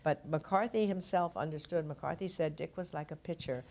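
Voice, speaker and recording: A woman's voice: sits low, normal speed, darkish tone. An older woman, an author being interviewed, who tells stories fluently in conversation and laughs easily. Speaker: author guest.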